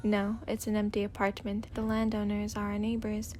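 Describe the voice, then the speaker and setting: A woman voicing a calm, stern teenage boy. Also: medium pitch, moderate pace, soft background music, pitched below the performer's own voice, close to an everyday voice. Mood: calm, firm. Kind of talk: soft-spoken ASMR fanfic reading.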